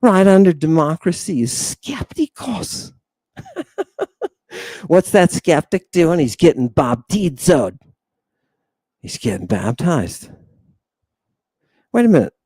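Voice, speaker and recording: A man's voice: high-pitched, huge pitch swings, slow, pauses often, mellow, slightly rough, dry recording. A man teaching a jokey livestream lesson, theatrical and playful, calling out to his viewers. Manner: theatrical, joking, addresses viewers as people. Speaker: online language teacher.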